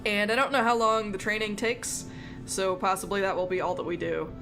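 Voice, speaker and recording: A woman's voice: medium pitch, steady tone, brisk, creaky. Upbeat woman game streamer. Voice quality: chatty and upbeat, greets chat viewers. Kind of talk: casual live-stream chat. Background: game music.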